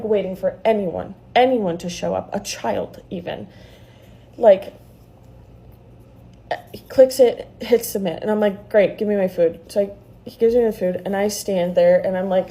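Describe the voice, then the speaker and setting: A woman's voice: mid-range voice, dark tone. A woman retelling a frightening experience in a casual storytime vlog, heated and full of swearing.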